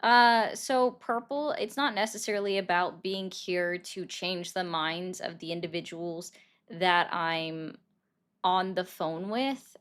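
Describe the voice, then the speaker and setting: A woman's voice: lowish voice, fairly bright tone, clean tone. Brief: a female livestream host, casual and chatty, taking calls and greeting viewers by name. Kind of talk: casual live political commentary.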